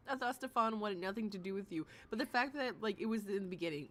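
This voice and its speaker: A woman streamer chatting casually with her live chat, talking in a loose way full of likes and quick laughs. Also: mid-range voice, a bit bright. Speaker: streamer reacting to a livestream.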